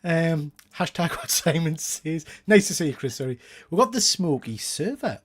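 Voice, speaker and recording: Geordie male host, slightly high voice, loose and jokey live chat. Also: expressive, moderate pace, few pauses, husky. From Northeast England. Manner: chatty, greets viewers by name, laughs often. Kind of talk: casual live-stream chat.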